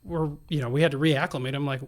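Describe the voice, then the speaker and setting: Animated male nurse telling a story. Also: on the high side, fast talker. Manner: animated storyteller acting out dialogue. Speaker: nurse and guest. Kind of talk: storytelling in a podcast interview.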